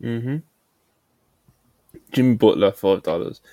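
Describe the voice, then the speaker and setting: A man's voice: lowish voice, slow, dark tone, dry recording. A man hosting a podcast in casual chat, laid-back, laughing often and reading out donations.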